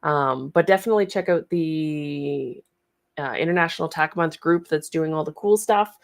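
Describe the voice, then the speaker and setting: A woman's voice: low voice, normal speed, vocal fry. A woman hosting a casual studio livestream, chatty and rambling, laughing easily.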